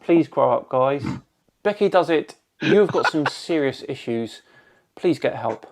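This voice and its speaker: A man's voice: fairly high pitch, expressive, a little slow, a little mellow. A man from England hosting a channel, reading hostile viewer comments aloud with dry, sarcastic replies.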